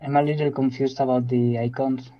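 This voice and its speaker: A man playing in a tabletop game, asking quiet questions. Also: mid-range voice, level tone, brisk. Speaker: player. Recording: dull lo-fi mic.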